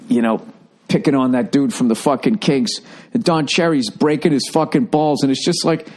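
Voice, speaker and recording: Profane rambling man on a podcast. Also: mid-range voice. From United States. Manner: profane, rambling, animated storytelling. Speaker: podcast host. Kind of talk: casual solo podcast rant.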